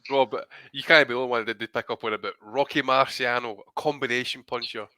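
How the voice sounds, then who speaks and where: Brief: male podcast host, bright, clipped voice, dry close sound, rants hard and swears a lot. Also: mid-range voice, fairly even intonation, quick pace, clean tone, no room sound. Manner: profane, ranting, blunt. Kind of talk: casual chat.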